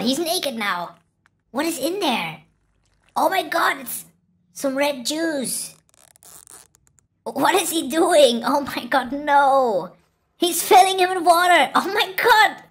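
A woman's voice: sits high, animated, takes it slowly, fairly bright tone. A woman hosting a reaction video, gasping, laughing and exclaiming at funny clips. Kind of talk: excited video reaction commentary.

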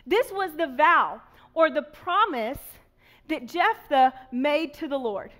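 A woman children's pastor giving an animated sermon to kids, telling a Bible story and talking straight to the children. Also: sits high, slow.

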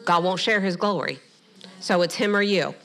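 A middle-aged woman pastor preaches with a bright, forceful voice. She keeps it lively, dropping joking asides and briefly acting out the people she quotes. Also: lowish voice, moderate pace. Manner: animated preaching with humorous asides; acts out quoted voices in passing. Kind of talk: sermon.

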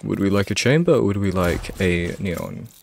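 A man's voice: deep voice, animated, normal speed, gravelly, a little hiss or hum. A male streamer chatting casually with his viewers, rambling and apologizing a lot. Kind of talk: casual live-stream chat.

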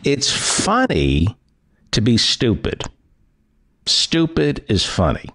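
A middle-aged man hosts a comedy podcast and lectures his guest with wry, playful emphasis. His pitch swings very widely, jumping high and dropping low as he makes his points. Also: huge pitch swings, takes it slowly, a bit bright. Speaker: podcast host.

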